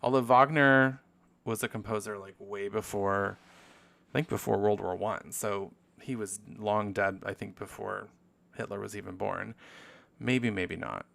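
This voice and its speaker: A man's voice: on the low side, little pitch movement, normal speed, creaky. A man hosting a casual solo podcast, rambling and swearing with self-mocking asides. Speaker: podcast host. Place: living room.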